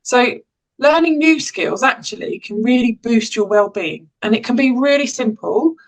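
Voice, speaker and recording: A woman's voice: on the high side, lively intonation, moderate pace, rough recording. A woman in her forties from England with an English accent, an educational psychologist giving an informal, conversational talk on well-being, with frequent restarts and light laughs. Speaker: educational psychologist and parent caregiver.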